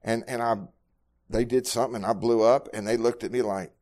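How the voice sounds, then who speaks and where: A man preaches at a Bible study. His voice sits in a middle register. He tells personal stories in an earnest sermon style, sinking to low, quiet stretches and then rising loud and raised. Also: steady tone, fairly quick. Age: 60s. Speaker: pastor.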